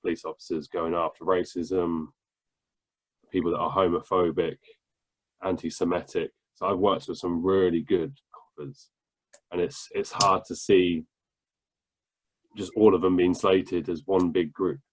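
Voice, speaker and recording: Low-voiced guy on a podcast, firm, kinda stammery when he starts a point. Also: little pitch movement, measured pace, long pauses, no echo, low-quality recording. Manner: firm, emphatic, with stammered restarts. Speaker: podcast guest. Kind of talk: casual discussion.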